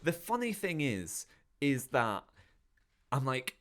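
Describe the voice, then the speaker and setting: A man's voice: mid-range voice, sing-song, slow pace, fairly bright tone. A man co-hosting a podcast, chatting casually and rambling through a film review while laughing at his own jokes. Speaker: podcast co-host. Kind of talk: casual chat reviewing films.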